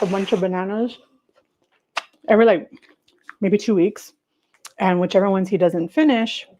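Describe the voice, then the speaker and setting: Chatty middle-aged woman, mellow voice. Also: medium pitch, muffled recording, a little hiss or hum. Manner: chatty, rambling, addresses viewers by name. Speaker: livestream host. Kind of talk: casual livestream chat.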